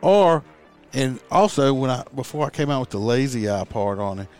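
A clear, resonant, medium-pitched man speaks at a moderate pace over soft background music. He's a middle-aged ex-police officer telling a profane podcast story in casual chat, animatedly voicing both sides of the exchange.

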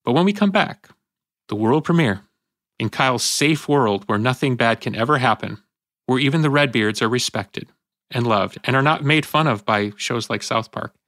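A man hosting a casual podcast debate, animated and acting out little voices as he tells a story. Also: mid-range voice, moderate pace, dry recording, clean studio sound. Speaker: podcast host.

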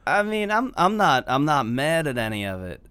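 A man co-hosting a casual music review chat, hesitant and measured in his critique. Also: on the high side, big pitch swings, sharp tone, clear, resonant tone, dry recording.

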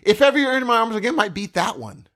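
A man's voice: very high-pitched, big pitch swings, fast talker, a bit bright. A man co-hosting a podcast in casual chat, wry and mock-exasperated. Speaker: podcast co-host.

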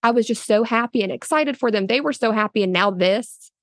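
A woman's voice: fairly high pitch, brisk, no room sound. Earnest woman in a dry recording. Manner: earnest, loose, full of "like" and restarts; often quotes others in a raised voice. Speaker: interviewee, a surrogate. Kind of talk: casual spoken interview.

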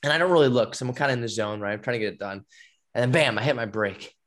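Young man, podcast host, casual storytelling, animated, lots of fillers, mid-pitched voice. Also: very fast.

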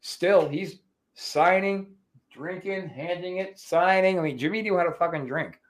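A man telling profane, animated stories as a guest in a casual chat. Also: high-pitched, unhurried. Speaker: wrestling promoter guest.

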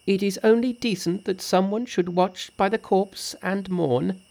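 A woman voicing a boastful, clever male monkey sage in an audiobook reading, with a brisk, bossy, teasing manner. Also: mid-range voice, gravelly, warm tone.

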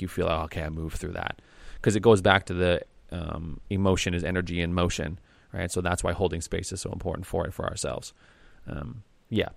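A man with a low, gravelly voice co-hosts a casual podcast and talks things through in an earnest, reflective way, often pausing on fillers. His voice is recorded close and dry, with no room sound. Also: no echo. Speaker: podcast co-host.

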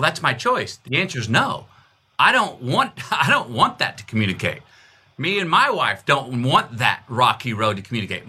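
In a conversational interview, a fifty-something guest from Texas talks with a husky, sharp-toned voice and a Texan accent. He is emphatic, repeats himself, and moves his pitch over a wide range.

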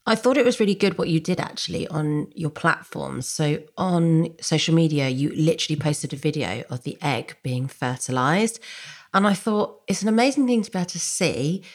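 Brief: female podcast host, low register, thoughtful interviewer. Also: expressive, normal speed. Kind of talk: conversational interview.

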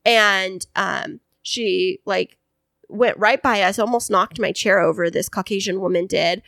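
A woman's voice: mid-range voice, unhurried, vocal fry, dry recording. A woman co-hosting a podcast, casually chatting and telling a story with lots of fillers and acted-out voices. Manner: chatty, animated storyteller who acts out voices. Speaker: podcast co-host.

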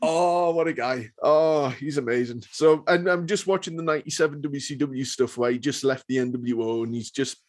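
A man chatting casually as a podcast co-host, animated and swearing, acting out what others said. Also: mid-range voice, moderate pace, hardly any pauses. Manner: animated storyteller, swears, acts out quotes. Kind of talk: casual wrestling chat.

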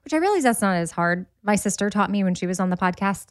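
A woman's voice: mid-range voice, fast, no room sound. Middle-aged woman host, casual chatty storyteller, dry close sound. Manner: chatty, animated storyteller, laughs easily. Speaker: podcast host. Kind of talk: casual chat.

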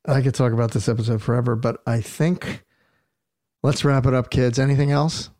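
A man hosting a relaxed podcast, chatty and quick to laugh. His voice is mid-pitched and sounds close and dry, with no room around it. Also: no echo. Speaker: podcast host. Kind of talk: casual chat.

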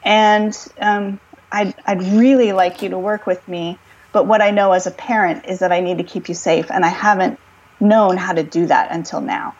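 A woman speaking as a guest expert on a podcast, giving calm parenting advice and acting out scripts for parents. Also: mid-range voice, normal speed, highs cut off. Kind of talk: podcast conversation.

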